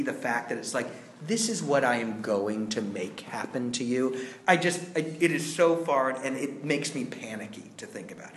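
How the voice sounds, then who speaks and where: A man leads an acting class, his voice lively and expressive as he acts out bits of dialogue mid-story. He sits at a middle pitch in an echoey classroom with a faint hum of ambience behind him. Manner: animated storytelling, acts out quoted lines. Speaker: acting teacher and director. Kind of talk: classroom lecture.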